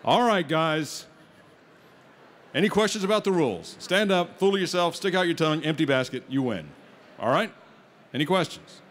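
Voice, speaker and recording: A man's voice: on the high side, expressive, moderate pace, pauses often, a bit bright. A man emceeing a live food-eating contest, joking with contestants and hyping up the crowd. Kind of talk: live event announcing on a PA.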